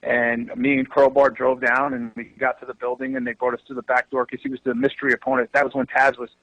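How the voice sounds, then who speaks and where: Animated man telling backstage stories. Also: medium pitch, fast, dry recording, poor audio. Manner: animated storyteller, swears freely. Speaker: wrestling promoter guest. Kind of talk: storytelling in casual podcast chat.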